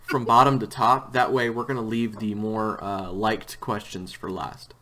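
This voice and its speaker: A man's voice: fairly low pitch, flat delivery, measured pace, sharp tone. A man hosting a casual interview about his audio drama, rambling a little as he asks questions. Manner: rambling, with frequent restarts and tangents. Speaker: host and audio drama creator.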